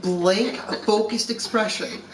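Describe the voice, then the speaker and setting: A man's voice: high voice, slow pace, a little hiss or hum. A man telling amused, exasperated stories in a casual family chat. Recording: distant, echoey, with music behind.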